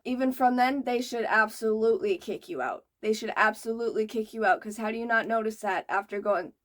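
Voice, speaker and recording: A young woman hosting a reaction video, reading posts aloud and breaking in with loud, exasperated outbursts. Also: fairly high pitch, a little fast.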